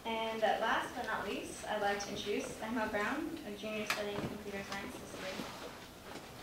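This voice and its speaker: A woman's voice: mid-range voice, steady tone, normal speed. A young woman emceeing a student event, politely introducing speakers in short remarks. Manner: brief, polite. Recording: very echoey hall, distant mic, noisy.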